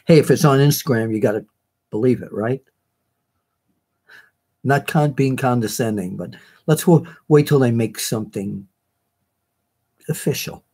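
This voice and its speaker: Give me a man hosting a casual live show, rambling through viewer comments in a relaxed, mellow voice. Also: medium pitch, slow, pauses often. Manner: chatty, rambling, with many fillers and self-corrections. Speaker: host of a live online wrestling show.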